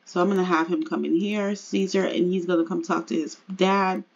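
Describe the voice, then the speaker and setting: A woman's voice: lowish voice, fairly even intonation, a little fast, vocal fry, husky, dull audio. A woman narrating a life-sim game in casual, chatty commentary to her viewers, laughing often. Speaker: game streamer.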